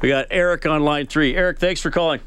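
A man hosting a sports call-in radio show, reading scores and taking calls in a brisk announcer manner. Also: fairly high pitch, fairly bright tone, clean tone. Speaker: radio host.

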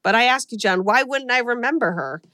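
A woman's voice: fairly high pitch, expressive, brisk, pushed and bright, smooth. A woman hosting a podcast, recapping a horror movie in casual chat and laughing often as she retells scenes. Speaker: podcast host.

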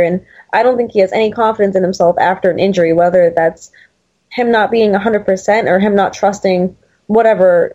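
A woman talking sports on a podcast in a casual, rambling way, often restarting her sentences. Her voice is mellow and warm, and the recording is dull and lo-fi. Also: medium pitch. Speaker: podcast co-host.

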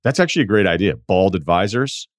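A man hosting a podcast, chatting casually and telling stories in an animated, conversational way. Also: low-pitched, quick pace, dry recording, studio quality. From Vermont. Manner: conversational storytelling, animated quoting. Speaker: podcast host. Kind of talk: casual chat, reading listener emails.

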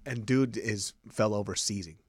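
A man co-hosting a podcast, telling stories in casual chat and loudly acting out the people he quotes. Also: lowish voice, slightly rough. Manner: animated, swearing storyteller who acts out quotes loudly. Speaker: podcast co-host.

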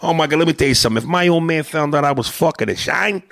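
A man doing a gravelly tough guy. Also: on the high side, racing, a bit bright, dry recording, studio quality, pitched above the performer's own voice. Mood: brash. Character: brash old-school Italian-American tough guy.

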